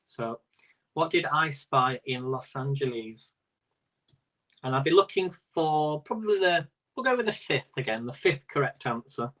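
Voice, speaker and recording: A man's voice: mid-range voice, lively intonation, unhurried, fairly bright tone, poor audio. A man hosting a live-stream quiz in a casual, rambling way, laughing often as he talks. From Britain. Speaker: quiz host.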